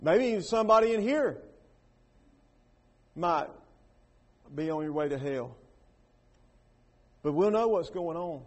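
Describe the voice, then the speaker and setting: A man preaching a sermon. He repeats words, asks the congregation questions and swings between hushed lines and loud raised bursts. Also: sits high, expressive, a little slow, long pauses.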